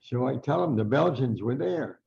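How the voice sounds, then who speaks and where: Old american guy spinning long stories, gravelly and husky, kinda dull lo-fi sound. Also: mid-range voice, lively intonation, moderate pace, a little mellow. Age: older. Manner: rambling anecdotal storyteller, frequent restarts. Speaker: guest boxing writer. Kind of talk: storytelling interview.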